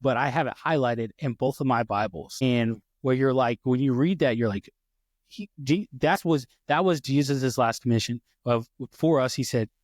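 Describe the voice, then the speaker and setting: Excited rambling man on a faith podcast. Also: mid-range voice, normal speed, dry recording, clean studio sound. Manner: enthusiastic, rambling, many restarts. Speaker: podcast co-host. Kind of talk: casual faith podcast chat.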